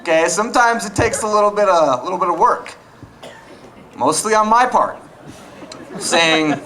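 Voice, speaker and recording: A man's voice: high-pitched, animated, normal speed, long pauses, sharp tone, low-quality recording. A young man doing a stand-up comedy set, acting out both sides of arguments with his wife. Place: comedy club stage. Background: audience laughter.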